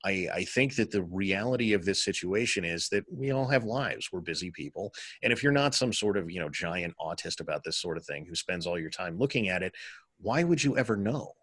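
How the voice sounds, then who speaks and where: Low-voiced man reasoning calmly. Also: brisk, slightly rough, no echo, studio quality. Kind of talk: casual political chat.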